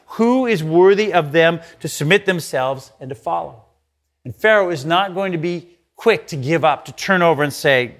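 Guy preaching a sermon, kinda high voice, chatty, reads verses and acts out the quotes. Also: fairly bright tone. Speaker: pastor.

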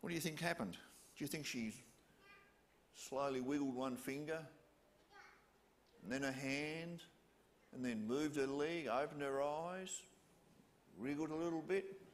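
A man's voice: on the high side, a little slow, pauses often, a little hiss or hum. A man preaching, retelling a story with questions to his listeners. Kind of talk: storytelling sermon.

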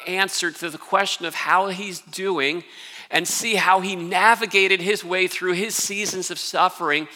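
A man's voice: high voice, bright, forceful tone, big-room sound. A man preaching a sermon as pastor, earnest and emphatic, often restarting his phrases.

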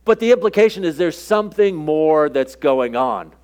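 Male pastor, fairly high voice, conversational sermon that slips into acted-out dialogue. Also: lively intonation, normal speed, a little mellow, clear, resonant tone. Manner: conversational preaching, acts out quoted dialogue.

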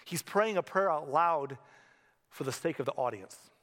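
High-voiced pastor in a reverberant hall. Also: male voice, animated, a little slow, a bit bright. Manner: conversational storytelling with humorous asides. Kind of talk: sermon.

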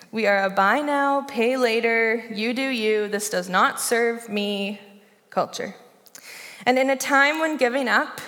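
A woman's voice: fairly high pitch, fairly bright tone. Young woman preaching in a reverberant hall. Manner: conversational, with rhetorical questions to listeners. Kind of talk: sermon. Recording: long reverb of a large hall.

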